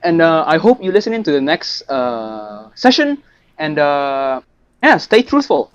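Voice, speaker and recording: A young man co-hosting a podcast, giving halting thank-yous full of fillers. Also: a little high, sing-song, clean tone, dull audio. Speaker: podcast co-host. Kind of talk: casual chat, listener shout-outs.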